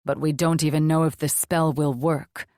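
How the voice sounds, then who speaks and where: A woman voicing a stern, gruff male demon wolf leader who speaks tersely. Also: low-pitched, fairly even intonation, moderate pace, darkish tone, lightly acted. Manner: terse, snarling.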